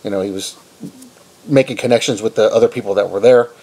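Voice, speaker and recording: A man's voice: lowish voice, quick pace. A man gives a casual storytelling sermon, talking in a rambling, conversational way. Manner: rambling, conversational, relaxed retelling. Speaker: Christian video preacher.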